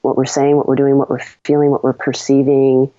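Woman guest coach, calm and measured, mellow tone, dull lo-fi remote audio. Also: very deep voice, no room sound. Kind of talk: explanatory interview talk.

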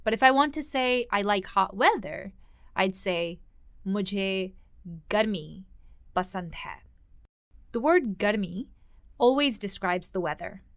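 Woman teaching a language lesson clearly. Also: mid-range voice, animated, normal speed, no room sound, studio quality. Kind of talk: language lesson dialogue explanation.

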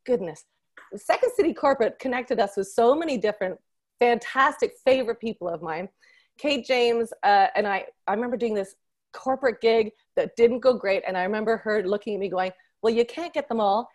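A woman hosting a podcast, introducing a panel with effusive, excitable energy and playful teasing. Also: a little high, fairly quick. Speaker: podcast host.

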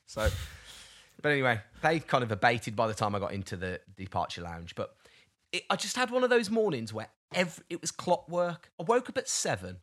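A young man co-hosting a podcast, chatting casually and telling a lively story about his travel day. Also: medium pitch, brisk. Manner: chatty storyteller, animated when excited. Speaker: podcast co-host. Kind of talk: casual chat.

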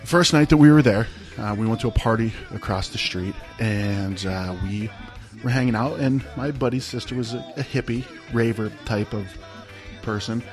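A man's voice: mid-range voice, moderate pace, music in the background. A man telling a personal story in a casual, rambling way, full of "like" and "right?". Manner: rambling, laid-back, peppered with "like" and "right?".

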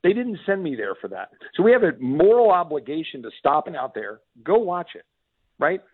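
A man's voice: a little high, very animated, normal speed, slightly rough, dry recording. A congressman from Texas calling in to a radio interview, speaking in a fiery, emphatic way with frequent restarts. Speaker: congressman guest. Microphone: phone. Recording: tinny dry phone line.

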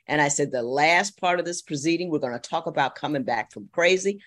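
A woman from Ohio, a guest on a talk podcast, telling a story with emphatic, drawn-out phrasing. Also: low voice. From Columbus, Ohio. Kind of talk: storytelling in casual interview.

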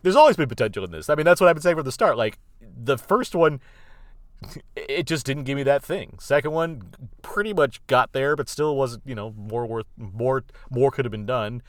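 A man's voice: mid-range voice, expressive, normal speed, no echo. A man co-hosting a podcast, chatting casually about a film and thinking aloud at length with strong opinions. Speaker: podcast co-host. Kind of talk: casual film review chat.

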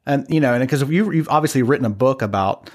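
A man's voice: mid-range voice, expressive, fast, darkish tone. A man hosting a podcast, asking searching questions with frequent halts. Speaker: podcast host. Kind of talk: interviewing.

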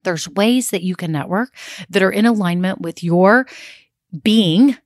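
A woman in her thirties coaching small-business owners in a brisk, direct, chatty way, peppered with "like." Her voice sits at a middle pitch, and the recording is close and dry with no room sound. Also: dry recording. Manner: direct, rapid, conversational, uses "like" often. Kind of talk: motivational talk to camera.

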